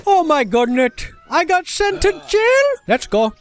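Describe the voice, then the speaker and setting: A high-voiced game commentator whose pitch leaps all over as they gasp and shout. The delivery is excitable and comic, with faint music playing underneath. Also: unhurried. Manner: excitable, gasping and exclaiming. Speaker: gameplay commentator. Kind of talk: comedic gameplay commentary.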